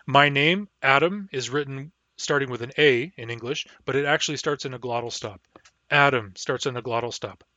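Male teacher, patient explainer demonstrating throat sounds; bright voice, dry and a bit muffled recording. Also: mid-range voice, normal speed, no room sound. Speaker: language teacher. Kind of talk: pronunciation lesson.

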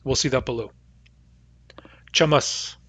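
A man teaching a language lesson, saying each word slowly and carefully, then repeating it. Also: medium pitch, fairly even intonation, a bit bright, no echo. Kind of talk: vocabulary pronunciation lesson.

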